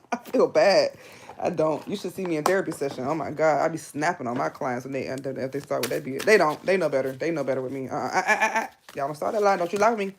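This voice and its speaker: A woman in her thirties giving a live tarot reading, talking bluntly in casual, animated bursts with laughing asides. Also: low-pitched, fast talker, a little hiss or hum. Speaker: tarot reader and therapist.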